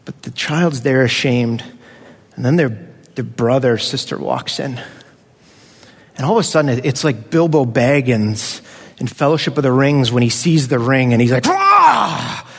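A man's voice: mid-range voice, normal speed, in a large hall. Man preaching a conversational sermon. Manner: conversational, with acted-out voices of children. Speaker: pastor.

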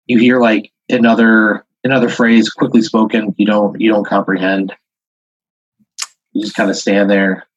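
A man with a low, husky voice spins an improvised second-person story, rambling along with plenty of "like" and "uh" fillers. The sound is dull and lo-fi, as from a basic podcast setup. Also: flat delivery, normal speed, dry recording. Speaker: podcast host. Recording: dull lo-fi audio.

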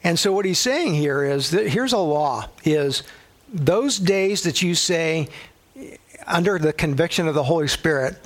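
A man's voice: fairly high pitch, lively intonation, unhurried. A middle-aged male pastor teaching a sermon in a conversational way, telling personal stories and using a coffee cup as a prop.

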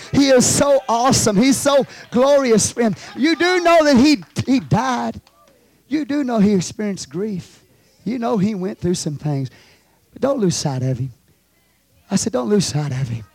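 A man preaching a sermon as pastor, swinging from quiet storytelling to shouted calls to the congregation. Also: high voice, creaky, no room sound. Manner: preaching with rising shouts and call-and-response asides.

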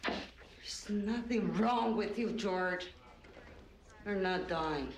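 A woman's voice: mid-range voice, extremely slow, background noise. An actress playing an exasperated female scientist in a TV drama, scolding a colleague. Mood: calm, explaining. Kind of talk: TV drama acting. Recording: roomy film audio with music underneath.

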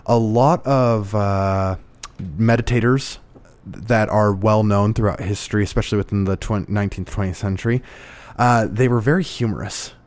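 A man's voice: fairly low pitch, steady tone, moderate pace, darkish tone. A man talking in a casual conversation, reflective and storytelling, with frequent restarts.

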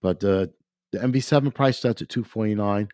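A congested man hosts a podcast in a casual, chatty way, clearing his throat now and then. His voice sits low. It is recorded close and dry on a studio microphone. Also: brisk, dry recording. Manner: addresses listeners as "ladies and gentlemen". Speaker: podcast host. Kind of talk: casual gear talk.

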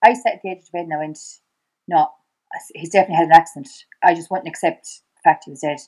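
A middle-aged Irish woman, a podcast guest, retelling events in conversation. She talks in a fast, halting way, acting out past dialogue with many restarts. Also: low voice, fairly even intonation, darkish tone, breathy edge, low-quality recording. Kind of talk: personal storytelling in conversation.

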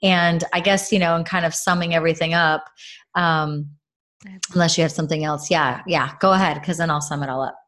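A woman in her thirties, a mother who co-hosts a podcast, speaks in a low, steady, slightly bright voice at a brisk pace. She talks about faith earnestly and reflectively, with plenty of filler words, in the easygoing style of a casual faith-based podcast.

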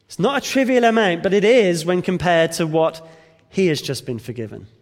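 High-voiced preacher in a reverberant hall. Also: male voice, expressive, moderate pace. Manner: expository, emphatic, rhetorical questions. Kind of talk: sermon.

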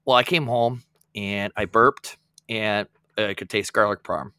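A man's voice: on the low side, steady tone, unhurried, bright, forceful tone, dry recording, clean studio sound. A man co-hosting a podcast, telling a rambling story in casual chat, laughing often and acting out his friends' lines. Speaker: podcast co-host.

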